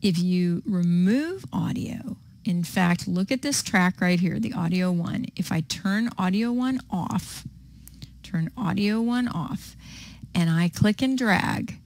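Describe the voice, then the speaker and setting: A woman's voice: medium pitch, takes it slowly, creaky, no room sound. Woman, editing tutorial voice-over, patient step-by-step, dry close sound. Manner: patient, step-by-step explaining with frequent ums. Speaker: video editing instructor. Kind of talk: screen-recorded software tutorial.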